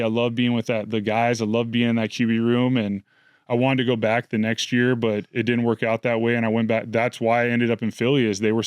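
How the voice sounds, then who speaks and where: A man in his thirties recounts his story with earnest, reflective feeling. His voice is smooth and clear, and the recording is dry and close with no room sound. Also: medium pitch, dry recording. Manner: earnest, reflective, emotional retelling. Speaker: interview guest. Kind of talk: candid storytelling.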